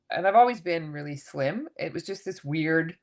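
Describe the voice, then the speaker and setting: A woman in her fifties, a coach and podcast guest, telling her story in a candid, animated way and swearing casually. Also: deep voice, unhurried. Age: 50s.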